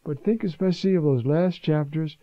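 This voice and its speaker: A man's voice: a little high, fairly quick, dry recording. A man preaching as a priest, giving a conversational homily on scripture and often asking the listeners questions. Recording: dull dry lo-fi recording.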